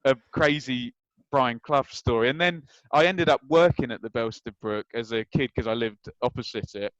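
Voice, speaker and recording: A man in his thirties, a guest telling anecdotes in an animated way and acting out the lines of the people in them. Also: medium pitch, moderate pace, no room sound, muffled recording. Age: 30s. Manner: animated, acts out quoted lines. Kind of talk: anecdotal storytelling.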